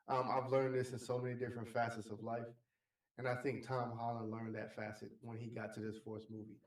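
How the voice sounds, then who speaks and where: A man's voice: mid-range voice, level tone, normal speed, echoey room, low-quality recording. A man co-hosting a casual podcast, speaking reflectively and telling stories. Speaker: podcast co-host.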